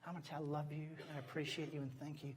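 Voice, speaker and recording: A middle-aged male guest preacher with a fairly high voice, speaking from the heart in a church. He swings from loud, lively storytelling to near-hushed words. Faint noise sits behind him. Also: very fast. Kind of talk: sermon. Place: church sanctuary.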